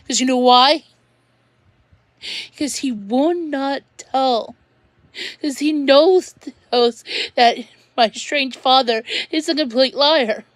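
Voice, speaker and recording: A woman with a high voice rants to her viewers, upset and near tears. She stops and restarts her sentences as she talks. The sound is dry and close. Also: takes it slowly, pauses often, no room sound. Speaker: vlogger. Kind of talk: emotional rant to camera.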